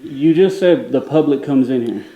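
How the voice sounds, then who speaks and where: A man's voice: mid-range voice, normal speed, echoey room, phone-quality sound. A man filming as a citizen journalist in a government office lobby, assertively lecturing a guard about the law and laughing it off. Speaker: self-described journalist filming a public office. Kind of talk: confrontational on-camera argument. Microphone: handheld camera.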